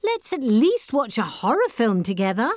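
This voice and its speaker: A woman's voice: fairly high pitch, huge pitch swings, normal speed, no room sound, clean studio sound, pitched above the performer's own voice. A woman as a firm, protective mother. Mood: coaxing. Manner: soothing, patient, firm. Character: protective, worried middle-aged mother.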